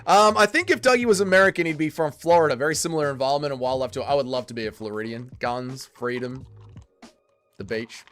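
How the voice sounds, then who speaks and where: A man's voice: medium pitch, quick pace, fairly bright tone. A man hosting a casual livestream, reading chat aloud and bantering with it, swearing and exasperated.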